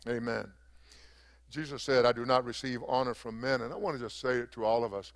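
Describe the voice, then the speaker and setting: An older male pastor preaches a sermon in a gravelly, medium-pitched voice, speaking a little fast. He climbs to loud, emphatic peaks before falling back into quieter, conversational talk. Fillers and restarts run throughout his delivery.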